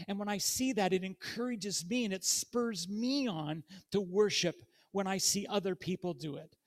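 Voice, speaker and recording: A man with a notably high voice preaches in a church. He reads scripture aloud, then speaks conversationally and turns to the congregation with direct questions. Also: moderate pace, few pauses. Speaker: guest preacher. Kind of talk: sermon.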